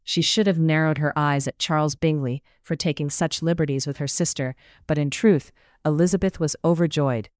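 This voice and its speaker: A narrator reads a period romance in a measured, even storytelling manner. The voice is smooth and clear. It is recorded close to the mic in a dry space. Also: mid-range voice, dry recording. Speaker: audiobook narrator. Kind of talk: scripted narration.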